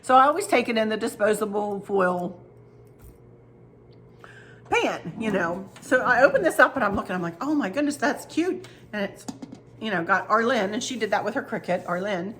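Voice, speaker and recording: A woman with a mid-range, somewhat bright voice speaks animatedly at normal speed, pausing often, over a faint hiss or hum. As a home decor vlogger, she chats at her kitchen table while showing gifts, telling stories and addressing viewers directly.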